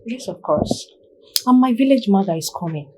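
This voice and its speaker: A woman's voice: mid-range voice, expressive, normal speed, warm tone, a little hiss or hum, lightly acted. An actress with a Nigerian accent plays a young woman coyly dodging questions, slipping into Pidgin. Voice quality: coy, evasive, switching into Pidgin. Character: Amanda, young woman boasting of new wealth.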